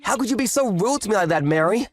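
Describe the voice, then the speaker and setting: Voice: mid-range voice, expressive, fast talker, natural voice. Someone acting out a whiny husband in his late thirties, caught cheating and pleading defensively in a voiced story drama. Faint music plays under the voice.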